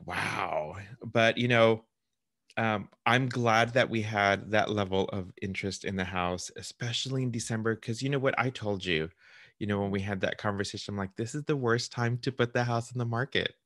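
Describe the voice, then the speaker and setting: A low-pitched man speaks in a casual, chatty way, telling a story and acting out the voices of people on the phone. The sound is dry and close, with almost no room echo. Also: fairly bright tone. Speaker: realtor hosting a client interview.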